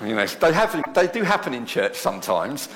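A man with a mid-range, sing-song, slightly bright voice preaches briskly to a church congregation. He poses rhetorical questions to the room and adopts dramatic voices when quoting others.

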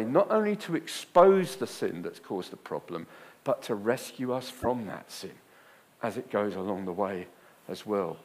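A man preaching a sermon, emphatic, swinging from loud bursts to quiet and repeating phrases for weight. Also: mid-range voice, slightly rough.

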